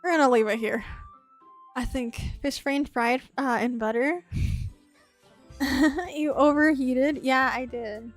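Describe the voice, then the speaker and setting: Woman streamer, high voice, breathless, giggly, rambling casual chat. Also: slow pace, pauses often, soft background music. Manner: giggly, rambling, trails off and repeats herself. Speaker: game streamer.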